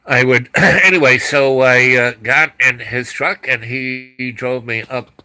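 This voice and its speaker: A man's voice: medium pitch, fairly even intonation, measured pace, pushed and bright. Older man telling a rambling story. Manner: rambling, full of restarts and asides. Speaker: podcast host.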